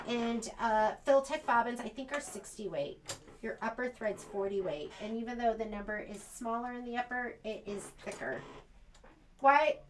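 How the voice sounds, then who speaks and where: A chatty American woman with a high voice walks through a machine embroidery project step by step. She thinks aloud and corrects herself as she goes, over a faint hiss in the background. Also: normal speed. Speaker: sewing shop instructor. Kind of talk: embroidery demonstration. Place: sewing shop.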